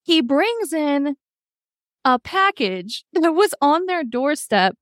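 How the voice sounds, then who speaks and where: A woman's voice: sits high, big pitch swings, slow pace, dry recording, clean studio sound. A woman hosting a podcast, chatting casually through a reality-show recap, swearing freely and acting out quotes. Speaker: podcast host.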